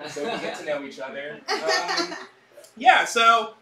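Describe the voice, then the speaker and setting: A man's voice: sits high, wildly swooping pitch, a little slow, gravelly, a crowd in the background. A man starting a stand-up set with loose, playful banter in a comedy club. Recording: echoey, distant club recording with noise.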